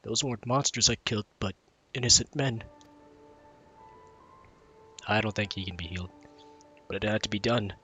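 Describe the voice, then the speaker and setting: A man voicing a grave, solemn male soldier from a fantasy game, reading slowly and stumbling over some words. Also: lowish voice, sharp tone, faint music behind.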